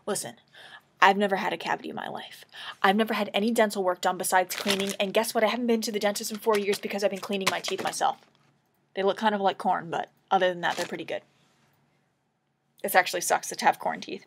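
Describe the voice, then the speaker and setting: A woman's voice: mid-range voice, fairly even intonation, fast talker, vocal fry, slight background noise. A tearful woman talking anxiously in a casual confessional vlog, rambling and emotional, at times dropping to a whisper. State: tearful, crying. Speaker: vlogger.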